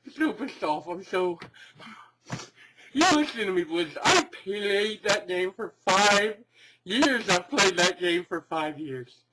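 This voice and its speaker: A man's voice: high-pitched, expressive, a little slow, very noisy. A man playing an enraged young gamer who rants at his camera, shrieking, swearing and sobbing. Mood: screaming rage. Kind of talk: comedic rant video.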